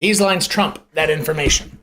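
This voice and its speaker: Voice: medium pitch, normal speed, fairly bright tone. A live show host giving casual, rambling commentary on price charts, often correcting themselves mid-sentence and asking rhetorical questions. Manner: conversational and rambling, with self-corrections; uses homely analogies and rhetorical questions.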